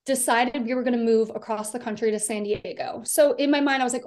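A woman's voice: a little high, a little fast, a little mellow. A woman from the US East Coast, a podcast guest, telling her personal story in a chatty, rambling way full of fillers. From Delaware, US East Coast.

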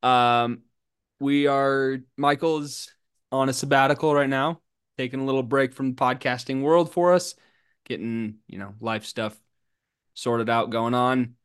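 A man's voice: medium pitch, fairly bright tone, clean tone, no room sound, clean studio sound. A young man who is the interim host of a podcast, teasing his guest in a playful way and drawing out his words. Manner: playful, teasing, drawn-out delivery. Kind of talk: casual podcast hosting.

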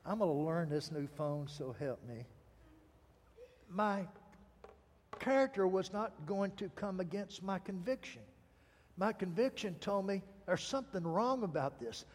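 Male pastor, high voice, storytelling sermon, dramatic pauses, reverberant hall sound.

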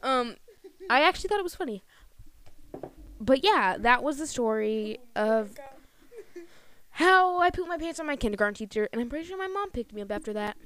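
A woman co-hosting a podcast, telling a childhood story in casual chat with an animated, giggly manner. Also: fairly high pitch, normal speed, long pauses. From Pennsylvania. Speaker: podcast co-host.

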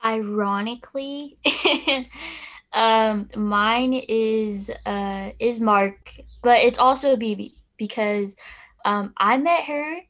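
A teenage girl who is a student officer chats casually on a podcast, rambling with lots of fillers and small laughs. Her voice is fairly high, a little bright, and extremely slow.

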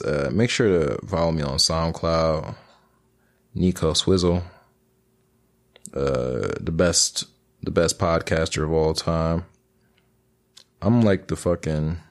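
A young man from Michigan hosting a casual solo podcast, rambling and joking in crude slang. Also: sits low. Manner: breaks into silly freestyle rap bits. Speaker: podcast host.

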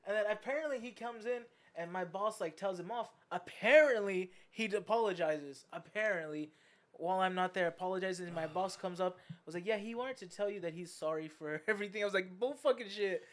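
A man's voice: high voice, brisk. Young man telling a rowdy story. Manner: animated, profanity-laced, laughs often, many fillers. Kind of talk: casual storytelling chat.

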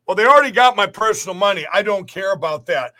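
Middle-aged male guest, high and bright-voiced, rambling, emphatic, restarts a lot. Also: expressive, fast. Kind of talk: podcast interview talk.

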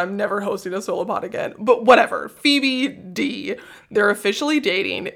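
A woman's voice: mid-range voice, expressive, normal speed, vocal fry, fairly bright tone. Young female podcast host, solo gossip episode, sarcastic and self-mocking delivery.

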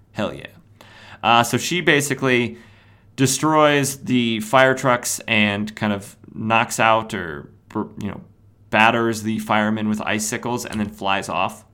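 A man's voice: on the low side, bright, forceful tone. A man hosting a podcast, casually recapping a comic book, rambling and correcting himself as he goes. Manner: rambling, self-correcting, many fillers. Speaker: podcast host.

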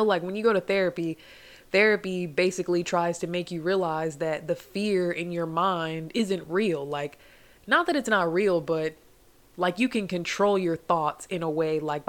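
A young adult woman hosting a solo podcast, talking candidly and at length, with many "like"s and asides to "you guys.". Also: fairly low pitch. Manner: rambling, heartfelt, heavy use of "like" and "you guys". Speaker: podcast host.

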